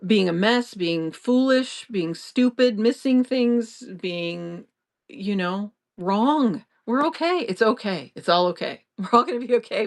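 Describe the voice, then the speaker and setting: A middle-aged woman musing aloud as host of a loose, unscripted show. She talks earnestly and reassuringly, wandering between thoughts and restarting sentences midway, at a moderate, ordinary pitch. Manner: rambling, earnest and reassuring, with frequent restarts and laughs. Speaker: podcast host. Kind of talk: improvised casual monologue.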